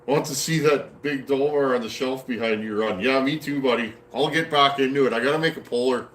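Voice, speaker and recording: A man's voice: medium pitch, a little fast, fairly bright tone, echoey room, a little hiss or hum. A man from Canada with a Canadian accent, chatting casually on a live stream from his workshop and answering viewer comments in a folksy, rambling way. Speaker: chainsaw builder hosting a live stream. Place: home workshop.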